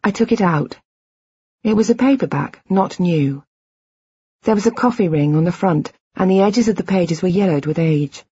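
A woman reading a first-person audiobook in a measured, reflective, quietly intimate way. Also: lowish voice, breathy edge, no echo, muffled recording. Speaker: audiobook narrator.

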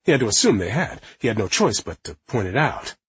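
A man narrating a nonfiction audiobook in a lively, expressive manner. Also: on the low side, fairly quick, slightly rough, muffled recording. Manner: lively, acting out quotes.

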